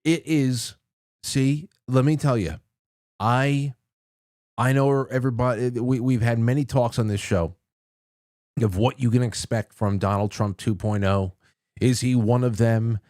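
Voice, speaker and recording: A man's voice: mid-range voice, fairly even intonation, unhurried, a little mellow, no echo, clean studio sound. A man hosting a casual call-in talk show, rambling with frequent restarts and chuckles. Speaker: radio call-in host.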